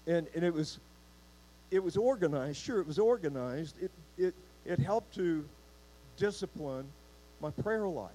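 A male pastor preaches in a church with a mellow, somewhat high voice. He speaks unhurriedly, often repeating words as he restarts, and keeps putting questions to the congregation. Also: low-quality recording. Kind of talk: sermon.

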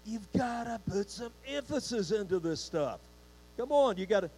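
A man's voice: sits high, lively intonation, moderate pace, darkish tone, a little hiss or hum, rough recording. A man preaching a sermon in church, restarting words and putting questions to the congregation. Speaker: pastor.

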